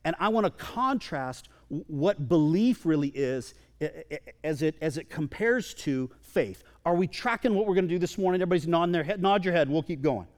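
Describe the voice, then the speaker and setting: This pastor's voice sits fairly high and moves a little fast as he preaches in the church sanctuary. He talks conversationally and jokes with the congregation in a lively way, and the sound rings with the long reverb of a large hall.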